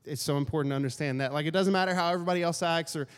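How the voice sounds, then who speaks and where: Male pastor, casual joking sermon, slightly high voice, long hall reverb. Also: rapid-fire. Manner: joking, conversational, acts out grumbling asides.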